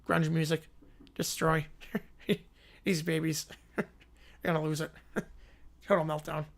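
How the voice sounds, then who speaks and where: Man doing dim teen pranksters, low and snickering, cackling after every short gleeful line. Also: little pitch movement, slow, vocal fry, long pauses.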